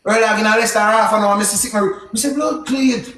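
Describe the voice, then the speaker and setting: A young man with a Jamaican accent telling a story casually, in a heavy patois with shouted exclamations. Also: high voice, flat delivery, racing, roomy sound. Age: young adult.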